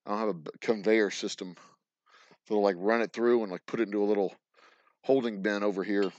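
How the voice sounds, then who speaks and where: A man's voice: fairly low pitch, steady tone, a little fast, a little mellow, no echo, dull audio. A middle-aged man with a Texan accent who rambles through stories in casual live-stream chat while he works in a distillery, swearing freely and laughing often. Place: distillery workroom.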